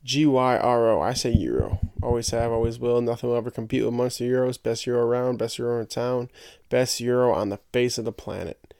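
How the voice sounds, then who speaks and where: A man's voice: medium pitch, a little fast, creaky, a little mellow, no room sound, clean studio sound. A young man hosting a podcast, rambling and joking in casual solo chat and tripping over his own words. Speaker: podcast host.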